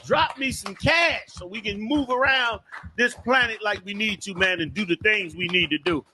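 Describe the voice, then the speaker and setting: A man with a high voice makes a brisk, direct appeal to his listeners. Clear background noise runs under his voice the whole time. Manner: brisk appeal for subscriptions and donations. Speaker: channel promoter.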